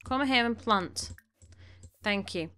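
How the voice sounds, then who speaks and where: In a slightly high voice that sounds pushed and bright, this woman speaks slowly and expressively. She gives casual gameplay commentary from a room at home, chatting and bossing her characters around while a little snuffly from allergies.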